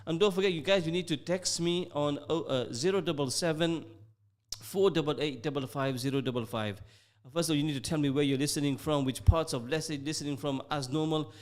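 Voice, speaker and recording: A man's voice: fairly high pitch, fairly quick, a little mellow. A middle-aged man hosting a live radio show, chatty and jokey, reading out listener messages from the studio. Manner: chatty, upbeat, jokey, sprinkles Arabic phrases. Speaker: radio host.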